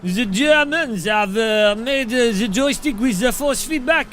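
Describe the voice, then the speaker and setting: A man voicing a flustered French company boss in a mock French accent, hesitant and halting. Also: extremely high pitch, lively intonation, a bit bright, heavily acted.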